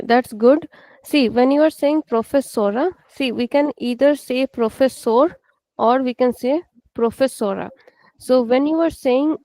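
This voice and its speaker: Low-toned woman teacher, gravelly. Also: dark tone, dry recording. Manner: patient, explains slowly, spells words out, switches into Hindi. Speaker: language teacher. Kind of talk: online language lesson, correcting a student.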